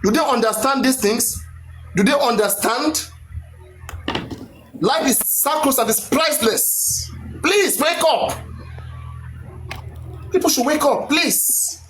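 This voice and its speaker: A man's voice: extremely high pitch, slow pace, long pauses, a bit bright. A Nigerian man hosting a live stream, talking emphatically and repeating himself like a preacher. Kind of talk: animated live stream rant. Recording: echoey room with faint noise.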